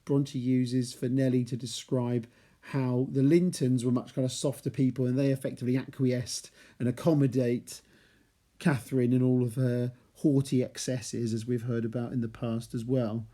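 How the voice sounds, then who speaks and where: With a warm, mid-range voice that shows little pitch movement, a literature teacher works through a chapter at a moderate pace. He reads passages aloud and explains them in a chatty style full of playful asides.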